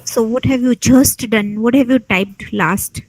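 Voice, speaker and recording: A woman teacher, firing brisk, probing questions at students in an oral lab exam over a video call. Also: a little high, dry recording, rough recording. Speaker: teacher conducting a lab viva.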